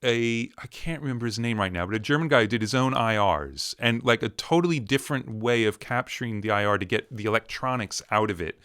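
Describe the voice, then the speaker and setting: A man's voice: medium pitch, expressive, fairly quick, few pauses, fairly bright tone, smooth. A man hosting an interview over a video call, curious and asking follow-up questions. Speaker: interviewer, host. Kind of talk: conversational interview.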